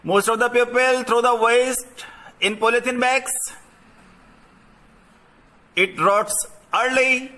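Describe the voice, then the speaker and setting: A man reading the lines of a farm cow worried about finding good food, in a slow, plain reading voice. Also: extremely high pitch, steady tone, pushed and bright, heavily acted. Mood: complaining.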